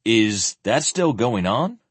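A man voicing a calm, polite male knight who speaks quietly with mild irony. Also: mid-range voice, measured pace, slightly rough, no echo. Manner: quiet, polite, mildly ironic.

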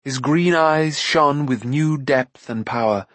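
A man narrating a fantasy novel aloud with an even storytelling delivery. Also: medium pitch, slow pace, dry recording. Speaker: audiobook narrator. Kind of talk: scripted narration.

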